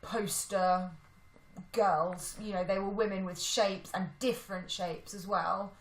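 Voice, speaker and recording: A woman's voice: mid-range voice, fairly even intonation, slow pace. A woman chatting casually about films as a podcast co-host, thinking aloud and apologising for rambling. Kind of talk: casual film chat. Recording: echoey room.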